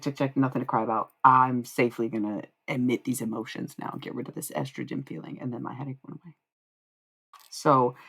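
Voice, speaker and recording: A woman's voice: rumbling low, gravelly, husky, rough recording. A woman live-streaming casual spiritual readings, rambling and swearing freely as she answers chat.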